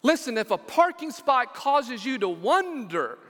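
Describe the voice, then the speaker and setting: High, bright-voiced preaching pastor. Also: male voice, measured pace. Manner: animated preaching, repeats words, asks the congregation to respond. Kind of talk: sermon. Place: church sanctuary. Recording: long church hall reverb.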